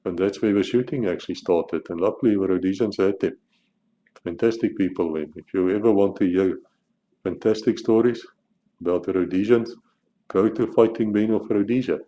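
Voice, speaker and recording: Man, South African accent, deep voice, blunt and argumentative, stumbling repeats, dull lo-fi sound. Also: moderate pace, warm tone, a little hiss or hum. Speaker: author and channel host. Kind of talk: opinionated monologue to camera.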